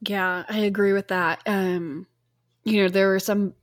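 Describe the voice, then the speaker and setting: A woman's voice: medium pitch, steady tone, measured pace, no echo. A young woman chats casually as a podcast co-host, wandering through her points with "um" and "you know." The sound is dry and close to the mic. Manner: rambling, hesitant, with "um" and "you know". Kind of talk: casual chat.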